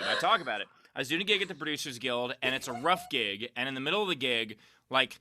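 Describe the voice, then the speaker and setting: A comedian hosting a podcast-style comedy chat over a video call tells profane stories and laughs through them. His voice is a little high, pushed and bright, with no echo.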